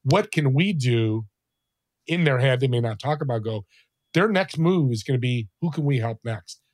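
Man guest, animated storyteller, faith-driven, mid-range voice, dry mic. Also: mid-range voice, moderate pace, no room sound. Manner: animated, acts out quoted people in his stories; faith-based, talks of the Holy Spirit. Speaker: podcast guest. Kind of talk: conversational interview storytelling.

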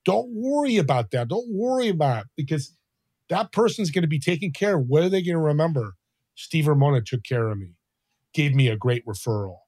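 A man's voice: fairly high pitch, a little fast, no echo, studio quality. A man speaking as a podcast guest, telling faith-based stories and acting out the people in them. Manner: animated, acts out quoted people in his stories; faith-based, talks of the Holy Spirit. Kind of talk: conversational interview storytelling.

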